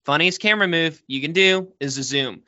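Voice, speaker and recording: Man, podcast co-host: bright, slightly high voice, opinionated rants, dry muffled mic. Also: no echo. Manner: animated, opinionated, talks fast with many fillers. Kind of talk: casual film-discussion chat.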